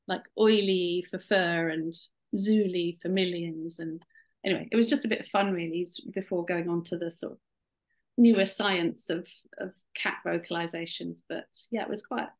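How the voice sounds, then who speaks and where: In a low-quality recording, a middle-aged woman with a lowish voice speaks as a guest in a webinar interview over video call. An author and cat behaviour scientist, she's chatty and warm, full of restarts and "you know".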